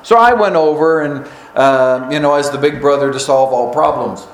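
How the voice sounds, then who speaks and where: A man preaching a storytelling sermon in a church, folksy and unhurried with drawn-out pauses. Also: medium pitch, roomy sound, rough recording.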